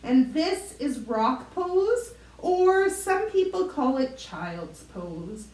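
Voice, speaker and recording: A woman's voice: high-pitched, sing-song, very slow, a little mellow, far from the mic. A woman leading a children's yoga class, playful and encouraging, making animal sounds for the kids. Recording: roomy echo, voice from off mic.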